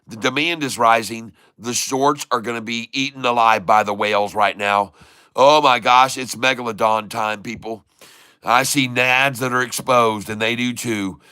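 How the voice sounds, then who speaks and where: Bright, excitable male trading host. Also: mid-range voice, clear, resonant tone, no echo. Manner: excitable, taunting short sellers, repeats prices. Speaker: stock trading channel host. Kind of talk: live market commentary.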